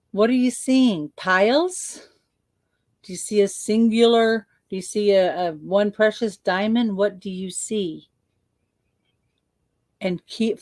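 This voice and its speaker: A woman coach leading a guided visualization, slow and playful, repeating words for emphasis. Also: medium pitch, darkish tone, no echo.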